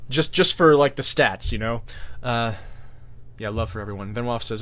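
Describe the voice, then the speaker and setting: A man's voice: mid-range voice, normal speed, fairly bright tone. A man from Brazil, a native Portuguese speaker with an American-sounding accent, chatting casually on a stream, reading chat aloud and often restarting his sentences. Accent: American-sounding English. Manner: rambling, self-correcting, with frequent restarts.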